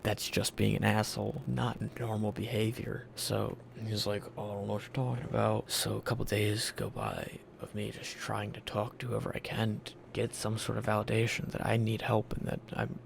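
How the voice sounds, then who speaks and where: Gravelly young man telling his story. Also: fairly low pitch, a little hiss or hum. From Virginia, US. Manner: blunt, profane, candid, acts out quoted lines. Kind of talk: casual personal storytelling.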